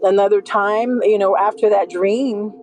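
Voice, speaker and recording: A woman's voice: medium pitch, steady tone, a little slow, a little mellow, a little hiss or hum, rough recording. A woman, the mother of the person discussed, recounting past conversations in an emotional interview and acting out both sides of the dialogue.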